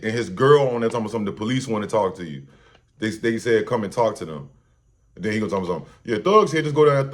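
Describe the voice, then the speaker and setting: Guy ranting on his commentary channel, mid-pitch voice, lots of slang and cussing, keeps restarting. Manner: loose, slangy and profane, repeats and restarts often. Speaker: host. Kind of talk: casual reaction commentary.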